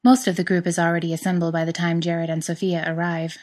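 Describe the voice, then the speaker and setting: A woman narrating a story in a plain, even reading voice. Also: fairly low pitch, a little fast, hardly any pauses.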